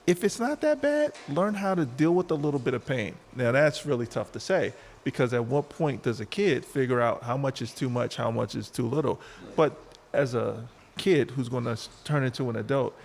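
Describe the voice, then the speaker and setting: A man's voice: medium pitch, animated, normal speed, gravelly, hardly any pauses, a little hiss or hum. A man who is a podcast guest and father, giving firm advice through stories in casual chat. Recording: reverberant room.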